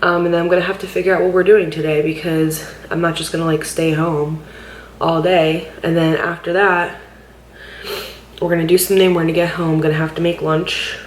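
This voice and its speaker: A woman's voice: fairly low pitch, little pitch movement, brisk, reverberant, a little hiss or hum, rough recording. A woman vlogger rambling in a candid, frustrated vent at home, swearing often and filling with "like", sounding tearful and overwhelmed. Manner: rambling, frustrated, heavy swearing, many "like" fillers. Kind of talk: candid personal vlog venting.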